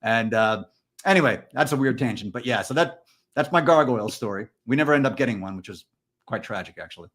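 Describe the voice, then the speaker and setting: A man co-hosting a candid podcast conversation, telling stories in a loose, animated way with plenty of fillers. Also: mid-range voice, fast talker. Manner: storytelling, animated, frequent fillers. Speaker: podcast co-host.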